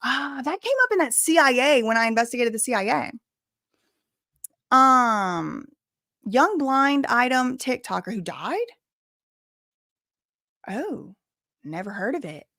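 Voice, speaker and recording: A woman hosting a casual livestream commentary, reading out chat messages and reacting loudly, repeating phrases and exclaiming with disgust. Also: on the high side, lively intonation, takes it slowly, pauses often, no echo, clean studio sound.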